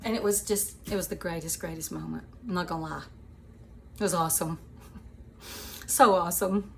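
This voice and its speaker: A woman hosting her own show, telling a personal story to her viewers in a chatty, animated way, often laughing and calling them sweeties. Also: lowish voice, normal speed, vocal fry, slight background noise. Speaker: show host.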